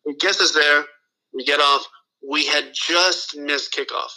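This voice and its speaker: Bright-voiced man telling a rambling story. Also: fairly high pitch, fairly even intonation, a little slow, rough recording. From Los Angeles area. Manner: rambling, profane, full of restarts and quoted dialogue. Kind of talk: casual storytelling.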